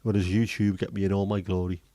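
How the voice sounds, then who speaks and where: A man's voice: deep voice, flat delivery, fast talker, mellow, no echo. A man hosting a livestream, chatting casually, joking and swearing as he reads viewer comments. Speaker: livestream host.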